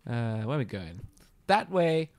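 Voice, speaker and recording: A man's voice: mid-range voice, very animated, measured pace, darkish tone. A man co-hosting a horror let's play, playing the game and chatting in a jokey way with frequent laughs. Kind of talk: casual gaming banter.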